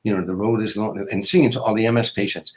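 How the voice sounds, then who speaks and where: A man's voice: fairly low pitch, steady tone, fast talker. A man in his sixties, a comedian guest, telling a long personal story in an earnest, rambling way. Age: 60s. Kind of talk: storytelling interview.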